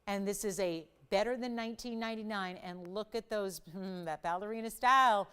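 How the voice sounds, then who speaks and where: A woman hosting a live shopping channel jewelry show, giving an enthusiastic, chatty sales pitch. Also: a little fast, few pauses, a bit bright, clear, resonant tone.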